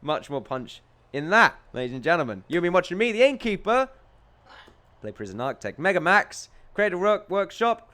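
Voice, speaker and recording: Rambling English lad commentating a game. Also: male voice, medium pitch, bright, forceful tone. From England. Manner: rambling, jokey, chuckles often. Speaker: let's play host.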